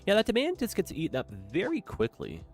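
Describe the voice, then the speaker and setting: Chatty gravelly young man playing a game. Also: high voice, huge pitch swings, a little fast, a little mellow, soft background music. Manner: chatty, upbeat, tag questions with "eh". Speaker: gaming streamer. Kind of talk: casual let's-play commentary.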